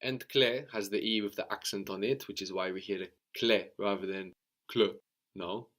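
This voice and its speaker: A man teaching a language lesson, patient and probing, often checking with a quick "no?". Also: on the low side, a bit bright. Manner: patient, prompts with questions, tag "no?".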